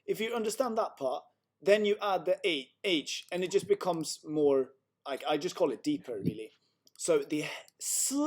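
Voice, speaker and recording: A man's voice: a little high, darkish tone. Man, language tutor on a video call, patient and methodical, demonstrating sounds one by one. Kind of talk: online tutoring session.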